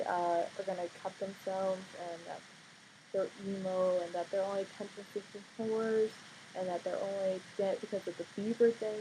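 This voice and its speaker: A young woman in her teens vlogging casually at home late at night, sleepy and quiet, rambling with fillers and blunt outbursts. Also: mid-range voice, a little hiss or hum, poor audio. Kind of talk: casual vlog monologue.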